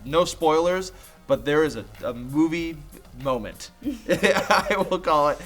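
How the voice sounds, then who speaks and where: A young man co-hosting a casual movie review chat, jokey and energetic. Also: on the high side, slow, soft background music. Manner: jokey, energetic, acts out quotes. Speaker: co-host.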